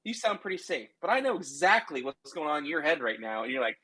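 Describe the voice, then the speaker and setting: A man with a husky, fairly high voice and a throat tickle that makes him sound slightly nasal. He co-hosts a casual podcast, defending himself and lecturing in a bickering chat. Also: big pitch swings, fast, bright, forceful tone, rough recording. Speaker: podcast co-host. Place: remote call, own room.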